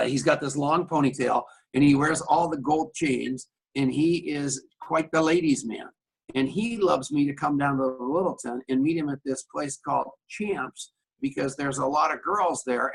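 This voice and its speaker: A man's voice: medium pitch, creaky, fairly bright tone, breathy edge, rough recording. A middle-aged man, a radio talk show host, telling a long anecdote on camera in a coffee shop and acting out both sides of the conversation. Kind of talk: storytelling on camera.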